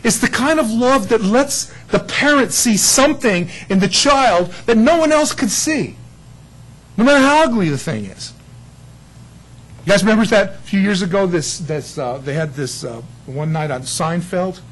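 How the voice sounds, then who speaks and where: A man's voice: high-pitched, lively intonation, moderate pace, low-quality recording. A man preaching a sermon, telling stories with laughter and acted-out quotes. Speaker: pastor.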